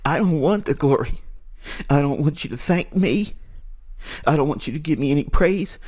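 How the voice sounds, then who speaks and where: A man with a fairly high voice delivers a fervent, preachy monologue to his viewers. He talks like a trading channel host who is defiant and wholly sure of his calling. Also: expressive, normal speed, a little mellow.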